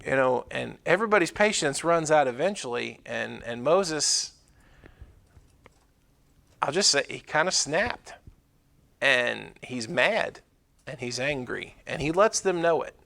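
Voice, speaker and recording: Gravelly-voiced man preaching conversationally. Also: medium pitch, lively intonation, a little slow, long pauses, pushed and bright. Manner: conversational preaching with many fillers and tag questions. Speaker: pastor. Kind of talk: sermon.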